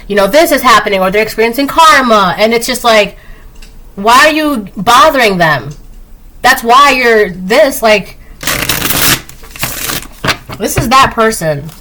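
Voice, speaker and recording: A woman doing a casual spoken tarot reading, chatty, laughing often and acting out quick quoted voices. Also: fairly high pitch, pushed and bright, poor audio. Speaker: tarot reader.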